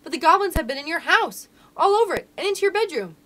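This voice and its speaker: An honest, brave young miner boy from a storybook, as a woman reading aloud puts him on. The voice sits a little lower and speaks steady and sincere. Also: quick pace, full character voice. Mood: earnest.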